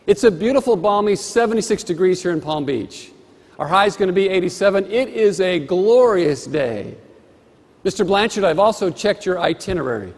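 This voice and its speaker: A man's voice: high voice, animated, moderate pace. A man voicing a cheerful, polite female hotel maid on a wake-up call, in a hall with long reverb. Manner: sunny, polite, attentive.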